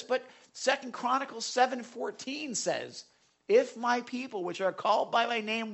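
A male pastor preaching a sermon to his congregation, asking them direct questions and dropping to a hush when he reads scripture. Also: high voice. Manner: emphatic, swings between loud appeals and hushed scripture readings. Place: church sanctuary.

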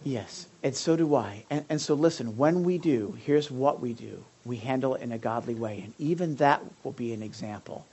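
A man preaching a conversational sermon to his congregation, lively and direct, with frequent asides and questions to his listeners. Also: mid-range voice, moderate pace, few pauses, breathy edge, lo-fi sound. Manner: animated, addresses the audience directly, frequent asides. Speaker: pastor.

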